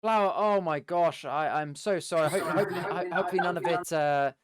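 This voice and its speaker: A man voicing an over-the-top adventurer who keeps apologizing loudly. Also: high voice, brisk, a crowd in the background, voice pushed up, lightly acted. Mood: gushing, theatrical. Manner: loud, gushing, theatrical.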